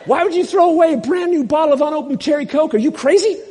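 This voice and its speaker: Man doing a shrill, outraged friend impression. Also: dark tone, long reverb tail, some chatter behind. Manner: rapid comic outrage, laughing through it. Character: exasperated man, loud, high, fast, indignant.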